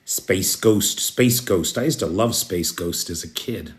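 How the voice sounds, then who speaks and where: An American man hosting a casual live news stream at night, greeting viewers by name in an unhurried way. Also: deep voice. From United States. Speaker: news host. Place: apartment in a city at night.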